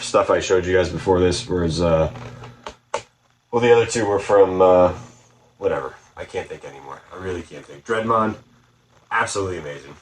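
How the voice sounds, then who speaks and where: A man casually showing off a toy haul on his vlog, rambling and excited, often correcting himself. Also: low voice, slight background noise, rough recording. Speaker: toy collector vlogger.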